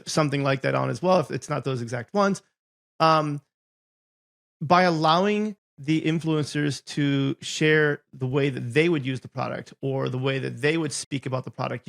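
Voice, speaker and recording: A man from Ohio hosting a podcast, with a gravelly, creaky edge to a mid-pitched voice. He talks in a chatty way, telling stories and dropping frequent ums. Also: fairly bright tone. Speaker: podcast host. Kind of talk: casual conversational interview.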